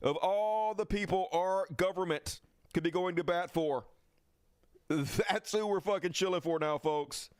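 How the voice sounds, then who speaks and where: Male host for a political rant stream; fiery, crude, sarcastic, a touch high-pitched. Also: a little slow, smooth, dry recording, studio quality. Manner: angry, profane, sarcastic. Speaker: livestream host.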